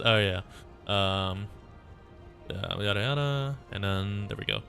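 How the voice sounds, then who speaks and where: Male streamer, casual reactions, swears, bright tone. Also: fairly low pitch, takes it slowly, vocal fry, faint music behind. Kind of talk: casual reaction while reading a game story.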